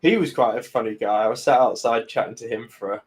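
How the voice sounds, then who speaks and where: Relaxed man telling stories as host. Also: mid-range voice, fast. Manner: relaxed storytelling with fillers. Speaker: podcast host. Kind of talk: casual podcast chat.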